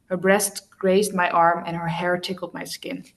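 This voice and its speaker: A woman's voice: on the low side, little pitch movement, unhurried, vocal fry. A woman hosting a casual read-along, reading a romance novel aloud and often stumbling and correcting herself. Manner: stumbles and self-corrects, laughs at slips.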